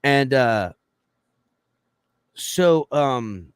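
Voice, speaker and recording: Animated, profane male storyteller. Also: medium pitch, extremely slow, clear, resonant tone, no room sound, studio quality. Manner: acts out quoted lines in raised voice. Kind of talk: casual podcast chat.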